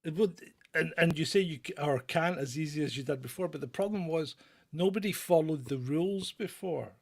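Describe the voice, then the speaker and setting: A man's voice: fairly high pitch, brisk. A middle-aged man from Britain hosting a live question-and-answer chat, blunt and opinionated, rambling with restarts as he answers viewers.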